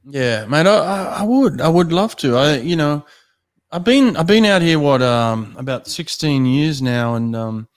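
A man's voice: on the high side, expressive, a little slow. A man from Australia hosting a podcast, chatting casually and often stammering and restarting his sentences. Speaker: podcast host. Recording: dry close audio.

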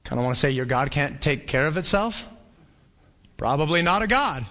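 A male pastor preaches with a bright, forceful voice that sits a little high for a man. He is conversational and animated, and he now and then acts out the voices of a crowd. His voice carries a long reverb from a church hall. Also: moderate pace. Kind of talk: sermon.

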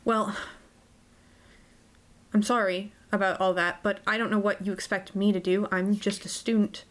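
A woman's voice: mid-range voice, little pitch movement, moderate pace, fairly bright tone, natural voice. A woman voicing a nervous young female student in a tabletop game, evasive and flustered. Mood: defensive. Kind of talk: tabletop role-play.

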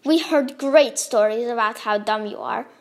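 A woman's voice: on the high side, moderate pace, natural voice. A woman voicing a sarcastic, impatient boy bully in a read-aloud story.

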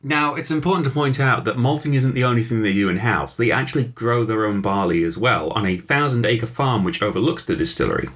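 A man presents researched facts in a relaxed podcast chat, his voice in an average register. He keeps an informative thread going and cuts in with dry, teasing remarks. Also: medium pitch, fairly quick, few pauses. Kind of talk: casual chat.

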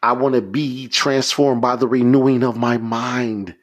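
A man's voice: mid-range voice, fairly even intonation, unhurried. A man preaching a podcast sermon, leading prayers in a fervent, repetitive, exhorting way.

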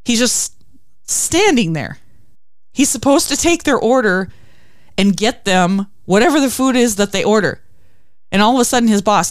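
Female host, devotional chat, animated storyteller, close dry mic. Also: mid-range voice, dry recording. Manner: expressive storytelling with acted quotes. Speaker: podcast host. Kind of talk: faith devotional talk.

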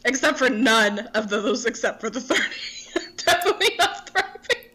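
A woman's voice: a little high, very animated, normal speed, bright, forceful tone. A woman about to turn thirty, co-hosting a podcast and joking about herself with plenty of giggles. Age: 30s. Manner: self-deprecating, giggly. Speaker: podcast co-host. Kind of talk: casual chat.

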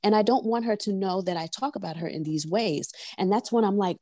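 Animated slangy woman on a podcast. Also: mid-range voice, a little fast, few pauses, dry recording, studio quality. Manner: animated, slangy, rhetorical questions. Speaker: podcast co-host. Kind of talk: casual podcast discussion. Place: at her workplace.

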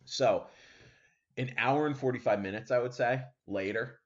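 A man host telling a story casually, animated, with many fillers, acting out what people said. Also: mid-range voice, moderate pace. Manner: animated, full of fillers and acted-out quotes. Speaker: podcast host. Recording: dull lo-fi sound.

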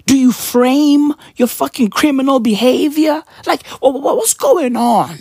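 A man hosting a comedic podcast, ranting in a mocking, profane way, firing rhetorical questions and often jumping up into high, yelping exclamations. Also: animated, unhurried, creaky, a little mellow, no echo, studio quality. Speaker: podcast host.

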